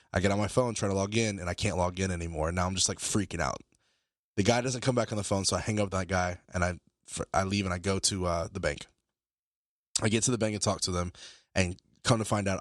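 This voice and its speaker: A male podcast co-host tells a story in casual conversation, animated and swearing, acting out both sides of phone calls. His voice is low, and the studio sound is clean with no echo.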